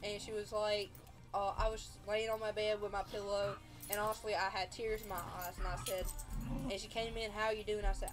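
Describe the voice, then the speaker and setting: A woman's voice: medium pitch, little pitch movement, brisk, music in the background. A young woman hosting a livestream, telling a personal story in a rambling, casual way and acting out the dialogue. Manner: rambling, acts out quoted dialogue. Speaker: livestream host.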